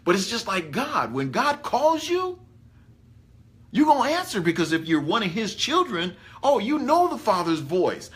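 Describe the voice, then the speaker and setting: A man preaching a conversational sermon, animated and folksy. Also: high voice, moderate pace. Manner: animated, folksy, rising excitedly on key points. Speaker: pastor.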